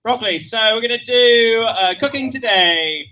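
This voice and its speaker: Animated high-voiced man hosting improv. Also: moderate pace, highs cut off. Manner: loud, animated, profane banter. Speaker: improv comedy host. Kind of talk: live improv comedy.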